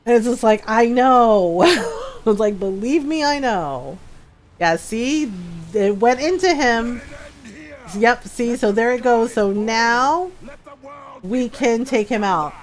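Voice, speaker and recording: High-voiced woman telling stories while gaming. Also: takes it slowly, a little hiss or hum, rough recording. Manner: animated, laughs often, acts out quoted people. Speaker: streamer. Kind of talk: casual storytelling while gaming.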